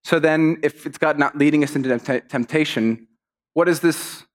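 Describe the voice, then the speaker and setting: A man giving a conversational sermon, telling stories in an animated way and acting out what people said. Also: a little high, normal speed. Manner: storytelling, animated, acts out quotes. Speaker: preacher.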